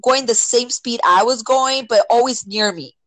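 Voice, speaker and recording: Woman, casual storytelling, animated, filler-heavy, high-ish voice, dry close sound. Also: moderate pace, dry recording, low-quality recording. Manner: animated, acts out quotes with sudden high pitch jumps; filler-heavy, many "like" and "right?".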